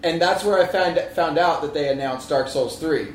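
A man co-hosting a casual chat, telling stories in an animated way and laughing often. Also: on the high side, moderate pace. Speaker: podcast co-host. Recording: echoey room with faint background noise.

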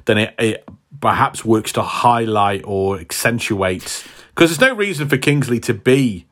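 A man's voice: fairly low pitch, animated, unhurried, fairly bright tone. A man co-hosting a podcast in a casual, wry, teasing way. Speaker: podcast co-host. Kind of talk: casual chat.

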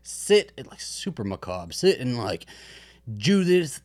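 Man, podcast co-host, lively pitch, laughs a lot, casual swearing, movie chat. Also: slow pace. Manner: animated, swears, laughs often, acts out quotes.

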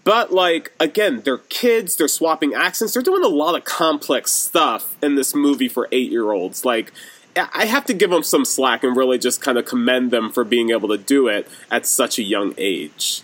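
Lively man reviewing a movie. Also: medium pitch, moderate pace. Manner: animated, frequent "like" and "um" fillers. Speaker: podcast co-host. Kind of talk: casual movie review chat.

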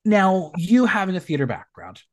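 A man's voice: high voice, normal speed. A man hosting a podcast, recapping a reality show in a gossipy, campy way. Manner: animated, gossipy, campy asides. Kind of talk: casual chat.

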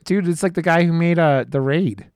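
A man's voice: a little high, moderate pace, darkish tone, clean tone, dry recording, clean studio sound. Profane, rambling male podcast host. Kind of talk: casual film review chat.

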